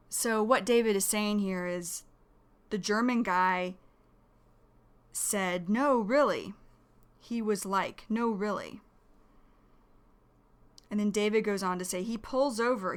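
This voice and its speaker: A woman teaching English vocabulary, explaining each word slowly and carefully. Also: medium pitch. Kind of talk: vocabulary lesson.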